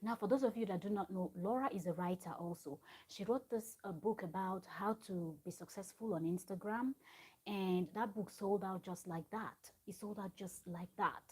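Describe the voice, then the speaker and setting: A woman's voice: medium pitch, moderate pace, darkish tone, husky. A woman, recapping a reality show on a live stream from home, telling it in a chatty, digressive way with asides to her viewers. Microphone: live-stream microphone.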